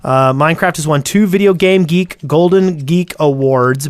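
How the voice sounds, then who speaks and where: A man with a fairly high voice co-hosts a casual podcast and reads the news aloud. He stumbles and repeats words as he talks, and laughs often. The sound is dry and close to the mic. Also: normal speed, few pauses, smooth, no room sound. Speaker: podcast co-host reading news.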